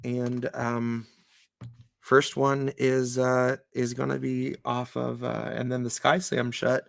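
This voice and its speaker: A man's voice: medium pitch, monotone, slow, vocal fry, no room sound, studio quality. A man co-hosting a casual chat, laid-back and self-mocking, with many fillers. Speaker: musician co-host.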